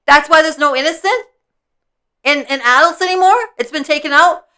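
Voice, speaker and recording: Woman, fifties, vlogger; high, bright voice; earnest, repetitive, keeps asking "okay?". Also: moderate pace. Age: 50s. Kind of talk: casual spiritual vlog talk. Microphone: personal mic.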